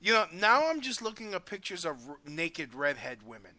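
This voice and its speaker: A man hosting a casual talk show, full of crude, rapid-fire jokes and frequent laughter. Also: high voice, sing-song, crowd noise. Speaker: show host. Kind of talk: casual comedic chat.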